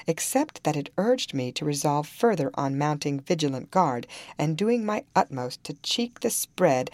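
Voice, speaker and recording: A woman narrating a classic novel in an expressive, dramatic reading style. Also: low voice, dry recording. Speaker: audiobook reader. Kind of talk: storybook narration.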